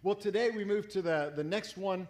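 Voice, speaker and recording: A man's voice: sits high, moderate pace. A man from South Florida preaching a sermon to his congregation, telling folksy stories with humor and playful inflections. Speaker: pastor. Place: church sanctuary.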